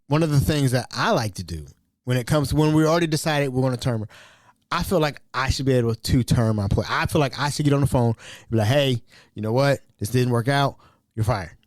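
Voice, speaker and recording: Male podcast host, casual animated storyteller, very expressive pitch, dry close-mic sound. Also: fairly quick, dry recording. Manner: animated, acts out quotes with big pitch jumps.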